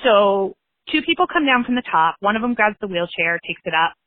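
A woman's voice: medium pitch, brisk, dry recording. Woman telling a story over a tinny phone line. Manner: animated, acts out quoted voices. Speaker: caller leaving a voicemail. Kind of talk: casual storytelling.

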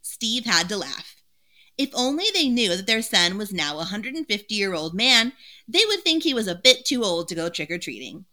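A woman co-hosting a podcast, retelling a book's plot in a casual, animated way with frequent laughter. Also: mid-range voice, moderate pace. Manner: animated storytelling, laughs often. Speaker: podcast co-host. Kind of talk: casual book recap with chat.

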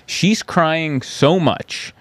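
A man, a stand-up comedian, telling stories in casual chat and now and then jumping into high voices for the people in them. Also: extremely slow, no echo. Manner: animated, acts out characters in high voices. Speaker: stand-up comedian, podcast host.

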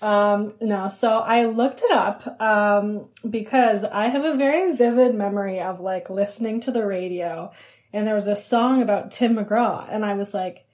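A woman's voice: mid-range voice, normal speed, darkish tone. A young woman, a writer and comedian, chatting as a podcast guest in a rambling, giggly way. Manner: chatty, rambling with fillers and laughs. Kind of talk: casual interview chat.

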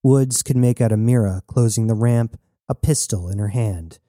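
Dark-voiced male audiobook narrator. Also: medium pitch, no room sound, clean studio sound. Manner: steady, measured storytelling.

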